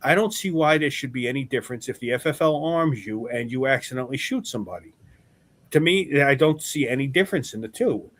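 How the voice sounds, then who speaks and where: A man hosting a podcast in casual chat, telling an animated story with swearing, then arguing his point earnestly. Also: mid-range voice, a little fast. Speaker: podcast host.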